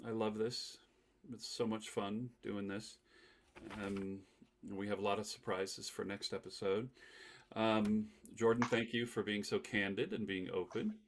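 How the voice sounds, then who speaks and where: A man hosting a casual podcast chat, animated and laughing often as he leads the talk. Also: on the low side, a little slow, a little hiss or hum. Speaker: podcast host.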